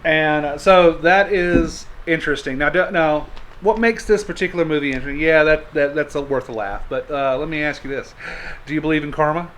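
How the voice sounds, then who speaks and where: A man's voice: a little high, a little fast, a bit bright, slight background noise. A man hosting a podcast, telling stories in casual chat, joking and laughing often. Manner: storytelling, jokey, laughs often. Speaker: podcast host.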